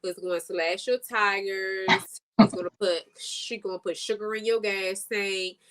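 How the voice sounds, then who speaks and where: A woman's voice: mid-range voice, steady tone, unhurried, fairly bright tone. A woman co-hosting a casual review chat over a video call, talking in slangy, chatty bursts and laughing often. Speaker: co-host of a reality show review.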